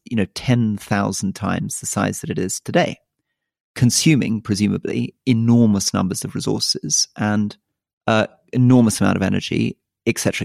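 A middle-aged man co-hosting a political podcast, explaining his views thoughtfully and at length, with soft asides. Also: on the low side, gravelly, dry recording, clean studio sound. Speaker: podcast co-host.

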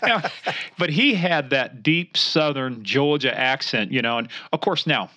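A man's voice: medium pitch, expressive, measured pace, bright, forceful tone. A man co-hosting a podcast, chatting casually and telling joking anecdotes. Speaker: podcast co-host.

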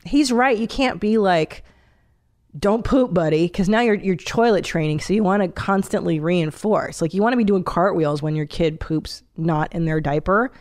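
A woman in her forties hosting a podcast, chatting casually in a blunt, profane, animated way. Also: on the low side, moderate pace, few pauses. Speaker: podcast host. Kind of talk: casual chat.

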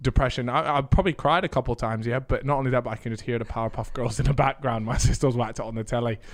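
A man in easy banter mode, spinning a long childhood anecdote. He jumps into quoted voices and breaks into laughs as he goes. His voice sits at an ordinary pitch. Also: quick pace. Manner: animated, acts out quoted voices, laughs often. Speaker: podcast co-host. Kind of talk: casual storytelling chat.

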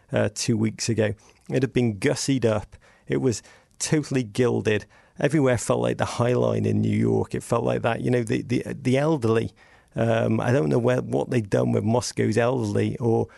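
A man's voice: medium pitch, gravelly, a little mellow, no echo, clean studio sound. A man who is a podcast guest, telling wry, digressive stories in casual conversation. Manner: witty, digressive storytelling with sarcastic asides.

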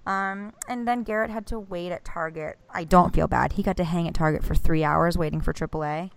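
A woman in her thirties tells a story on a casual podcast. Her voice sits low with a gravelly fry, and she swears freely. She throws herself into each quote, acting it out as she goes. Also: fairly quick, no echo. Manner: animated, swearing, acts out quotes. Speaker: podcast co-host.

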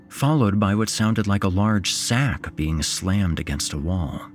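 A man narrating a horror story in a slow, suspenseful way. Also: on the low side, soft background music.

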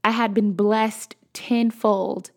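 A woman's voice: medium pitch, fairly even intonation, slow. A young woman telling a personal story in a chatty, casual way, talking straight to her viewers. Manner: chatty, addresses viewers as y'all. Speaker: storyteller vlogger.

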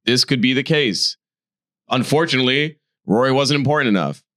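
A man co-hosting a podcast in casual group chat, reasoning things through in a measured way. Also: mid-range voice, sharp tone. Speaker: podcast co-host.

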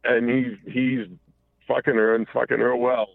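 Low gravelly man over a tinny phone line. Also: flat delivery, no echo. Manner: halting, full of restarts and profanity. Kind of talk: casual confessional storytelling.

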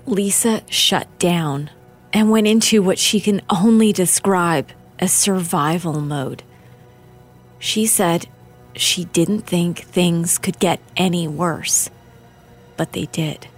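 A woman with a low voice narrates a true-crime documentary at a very slow, unhurried pace. Her delivery stays measured and grave. Faint music sits under her narration.

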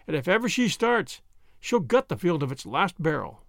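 A man's voice: sits high, very animated, normal speed, creaky, a bit bright, dry recording, studio quality, heavily acted. A man voicing a blunt, commanding man.

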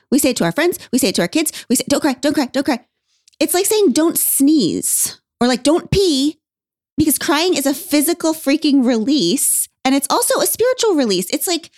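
A woman's voice: high voice, no room sound, clean studio sound. A woman hosting a podcast in casual chat, wry and emphatic, laughing often. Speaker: podcast host.

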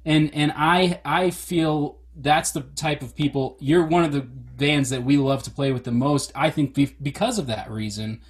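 A man's voice: fairly high pitch, normal speed, hardly any pauses. Casting: male co-host, rambling, restarts a lot, casual chat. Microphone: video call.

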